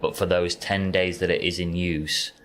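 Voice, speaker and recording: Deep-voiced Yorkshire man streaming games. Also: flat delivery, normal speed, fairly bright tone, a little hiss or hum. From Yorkshire, England. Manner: easygoing, rambling, chats to viewers. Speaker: game streamer. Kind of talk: casual live-stream chat while gaming. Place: warm home bedroom.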